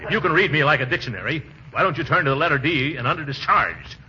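An actor playing a blustery, pompous middle-aged uncle in a 1940s radio comedy, with a flustered, bombastic delivery. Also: male voice, lively intonation, fast, bright, forceful tone, a little hiss or hum. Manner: bombastic, flustered, booming outbursts. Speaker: uncle and employer. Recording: muffled old radio broadcast.

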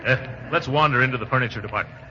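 An actor playing a blustery, pompous middle-aged uncle in a 1940s radio comedy, with a flustered, bombastic delivery. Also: male voice, rapid-fire, noisy background, close to an everyday voice. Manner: bombastic, flustered, booming outbursts. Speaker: uncle and employer. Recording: muffled old radio broadcast.

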